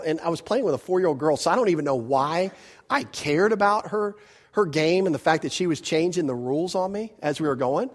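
Higher-voiced male pastor preaching conversationally. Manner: conversational preaching with rhetorical questions and self-corrections; grows animated when telling a personal story. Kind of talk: verse-by-verse sermon.

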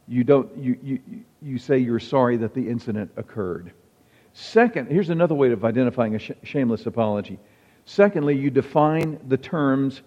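A man's voice: mid-range voice, a little mellow. A male pastor preaching a sermon in a conversational, wry manner, quoting examples as he goes. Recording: dull sound with long hall reverb.

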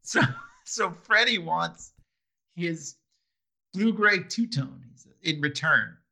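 A man's voice: fairly high pitch, expressive, takes it slowly, vocal fry, sharp tone. A man co-hosting a casual chat, recapping a TV episode, laughing often and restarting his sentences. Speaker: podcast co-host.

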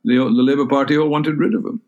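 An older man with a Scottish accent recalls events in a sit-down interview, speaking in a measured, halting way with many fillers and restarts. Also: medium pitch, fairly even intonation, darkish tone, muffled recording. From Scotland. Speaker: interviewee, former cabinet minister. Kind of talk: reflective recollection in a sit-down interview.

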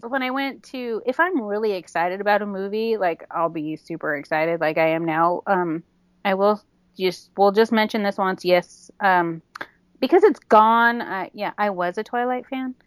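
As a guest on a casual podcast, a woman tells funny stories quickly and giggles a lot, acting out what people said. Her mid-range voice is smooth, with no room sound.

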